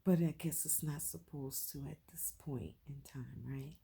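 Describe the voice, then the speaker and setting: Speaking at a measured pace, a low-voiced, husky woman opens up in a personal vlog. Her heartfelt talk rises from quiet to loud and emphatic, with phrases said over and over.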